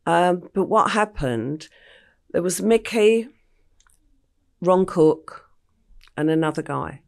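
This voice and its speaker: An older woman from England, a podcast guest recounting her life story in a plain, unhurried way with frequent ums. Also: fairly low pitch, animated, vocal fry, darkish tone.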